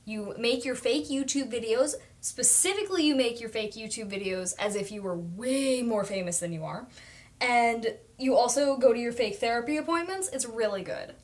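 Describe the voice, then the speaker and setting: A woman's voice: fairly high pitch, animated, moderate pace. A young woman chatting casually on a livestream while she paints, talking through her process, reading viewer comments aloud and poking fun at herself. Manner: chatty, self-deprecating, reads out viewer comments.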